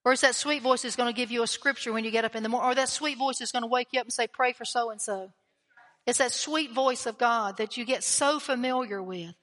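A woman's voice: on the high side, quick pace, few pauses, fairly bright tone. A woman preaching a sermon in a church, emphatic and conversational, asking her listeners questions. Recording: long hall reverb.

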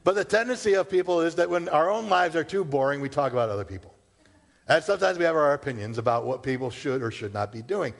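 A man's voice: a little high, quick pace, gravelly. A man from Massachusetts, a pastor, preaching a sermon in a conversational way, with rhetorical questions and casual asides. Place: church. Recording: long hall reverb.

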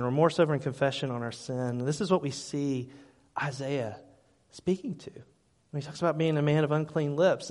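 A man preaching a sermon as pastor, his voice rising to loud, fervent peaks and then dropping to quiet asides, often repeating words as he restarts. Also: fairly high pitch. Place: church sanctuary. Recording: hall reverb.

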